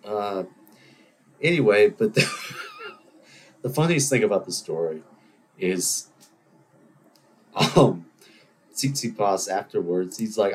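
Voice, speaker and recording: A man's voice: fairly low pitch, expressive, takes it slowly, long pauses, slight background noise. A man hosting his own podcast, talking alone in a rambling, self-mocking way and slipping into playful voices. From Greek heritage. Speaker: podcast host. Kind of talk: casual solo monologue.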